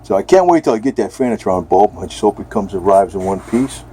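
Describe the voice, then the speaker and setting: A man's voice: lowish voice, very animated, brisk, warm tone. A man talking casually and bluntly in a rambling home video, now and then speaking to his cat. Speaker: vlogger.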